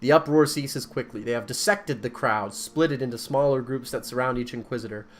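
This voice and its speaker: A man's voice: medium pitch, a little fast. A man narrating a text game aloud with a friend, reading evenly between jokes.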